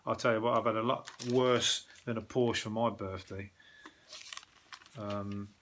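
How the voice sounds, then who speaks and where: A man's voice: lowish voice, fairly even intonation, measured pace, fairly bright tone, slight background noise. Sweary Birmingham man reviewing newspapers. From Birmingham, England. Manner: sweary, sarcastic, rambling with restarts. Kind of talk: casual chat.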